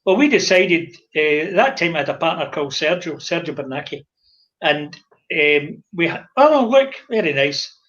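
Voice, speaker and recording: An older Scottish man, a former publican, telling lively stories in casual chat and acting out the dialogue. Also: a little high, moderate pace, dull audio. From Scotland. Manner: animated anecdotal storyteller, acts out dialogue.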